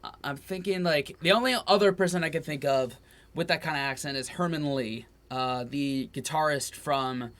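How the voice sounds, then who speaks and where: A man's voice: a little high, normal speed, fairly bright tone. An American man co-hosting a reaction video in eager, casual chat full of hesitant fillers. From United States. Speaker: co-host of a reaction channel.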